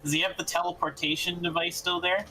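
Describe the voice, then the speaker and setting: A man playing a tabletop game, speaking haltingly. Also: high-pitched, little pitch movement, pushed and bright, soft background music, low-quality recording. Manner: halting, hesitant speech. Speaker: player.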